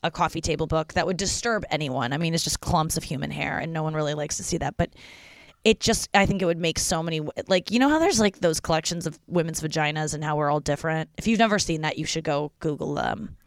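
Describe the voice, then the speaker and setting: A woman's voice: low-pitched, fast, dry recording, clean studio sound. A young woman hosting a casual solo podcast from her porch at home, chatty and rambling, swearing freely. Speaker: podcast host.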